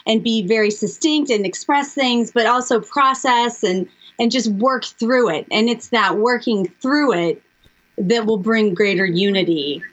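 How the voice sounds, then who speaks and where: A woman's voice: a little high, unhurried, low-quality recording. A woman speaking as a radio guest, giving direct, encouraging advice. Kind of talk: relaxed radio interview talk.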